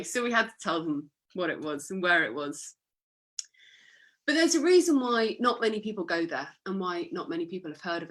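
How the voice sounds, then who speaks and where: Woman, guest speaker, slide talk, chatty, upbeat, fillers, mid-pitched. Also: a bit bright.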